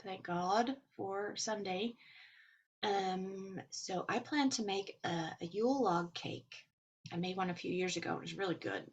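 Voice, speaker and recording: A woman with a Texas drawl chats on her own podcast in an easygoing, rambling way, filling her pauses with ums. She talks as if to friends, now and then breaking into a small laugh. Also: lowish voice, a little hiss or hum. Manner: chatty, with frequent ums and laughs. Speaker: podcast host. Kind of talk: casual chat and reading aloud.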